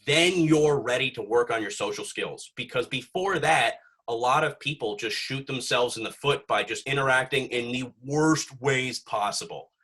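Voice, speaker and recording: A man's voice: mid-range voice, moderate pace, hardly any pauses, a bit bright, husky. A young man hosting a podcast, chatting casually and rambling with lots of fillers and swearing. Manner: rambling, profane, filler-heavy. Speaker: podcast host.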